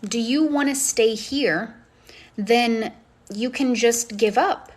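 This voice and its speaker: Brief: woman, gushing live-stream coach, slightly higher voice, recorded on phone. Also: slow pace. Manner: gushing, effusive and encouraging. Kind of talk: casual live-stream chat, reading comments.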